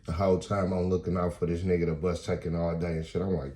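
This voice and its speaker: A man's voice: low voice, little pitch movement, fast talker, hardly any pauses, dark tone. A man doing freestyle stand-up comedy, telling a story in profane, casual street talk.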